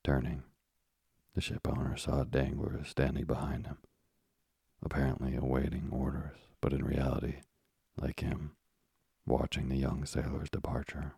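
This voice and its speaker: A man narrating an audiobook in a measured, steady manner. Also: extremely low pitch, creaky, breathy edge, dry recording, studio quality.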